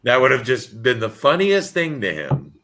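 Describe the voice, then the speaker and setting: A man tells a personal story over a video call, his voice bright and clear. He talks casually and haltingly, often restarting and repeating words. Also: mid-range voice, huge pitch swings. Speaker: caller sharing a story.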